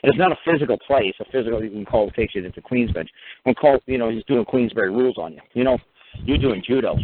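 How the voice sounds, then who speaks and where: A radio talk show host with a mid-range voice and quick pace tells courtroom stories in a loose, profane monologue. He swears freely and animatedly acts out both sides of each exchange, all heard through tinny phone-line radio audio.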